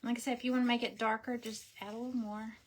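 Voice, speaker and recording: A chatty middle-aged woman with a lilt and a fairly high voice, hosting a relaxed crafting stream. She rambles through stories, jumps up high and bright when she acts out what people said, then slips into soft, murmured asides. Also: rapid-fire. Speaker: crafting livestream host. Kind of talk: casual chatty storytelling while crafting.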